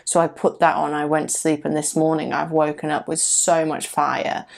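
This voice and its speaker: Low-voiced woman with a gravelly edge. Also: monotone, normal speed. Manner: candid and personal, reflective. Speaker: podcast host. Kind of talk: casual solo podcast talk.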